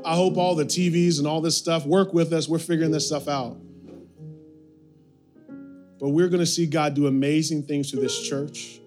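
A pastor delivers a sermon in a fairly high voice, building phrase on phrase and pulling the congregation into call-and-response. A soft guitar plays quietly behind him. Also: male voice. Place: church sanctuary.

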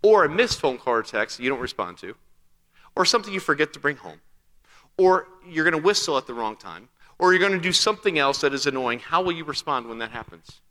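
A man's voice: a little high, lively intonation, a little fast, bright, forceful tone. A man preaching a sermon as pastor, talking conversationally, asking rhetorical questions and acting out quotes. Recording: long hall reverb.

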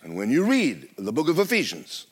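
A middle-aged male pastor, preaching loudly and with life, often dropping to a hush. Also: medium pitch, brisk, husky. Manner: loud, lively preaching with sudden drops to a hush. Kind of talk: sermon. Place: church.

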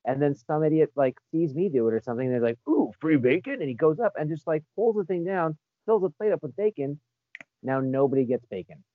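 A man's voice: fairly high pitch, animated, no room sound, phone-quality sound. A man co-hosting a casual chat, blunt and crude in his remarks. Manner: blunt, crude, rapid asides. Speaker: podcast co-host.

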